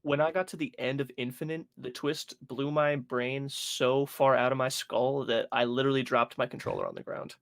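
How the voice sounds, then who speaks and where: A man's voice: mid-range voice, steady tone, normal speed, creaky, few pauses, a bit bright, no room sound, studio quality. A young man co-hosting a podcast, telling stories with lots of swearing and acting out his own reactions. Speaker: podcast co-host. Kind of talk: casual chat.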